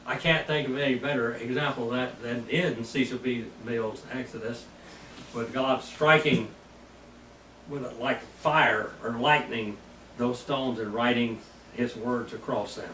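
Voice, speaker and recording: Hoarse man teaching, distant and roomy. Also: medium pitch, steady tone, fairly bright tone, a little hiss or hum. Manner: slow, deliberate, sounds out Hebrew words syllable by syllable. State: hoarse, losing his voice. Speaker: Bible teacher. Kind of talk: verse-by-verse Hebrew Bible lesson.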